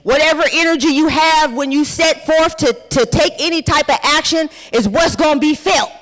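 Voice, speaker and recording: A woman, giving a loud, rowdy motivational talk on a conference stage, cussing and hyping the crowd. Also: sits high, normal speed. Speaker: conference speaker. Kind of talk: hype-style motivational talk. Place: large conference hall with music playing. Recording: hall reverb, from a stage mic.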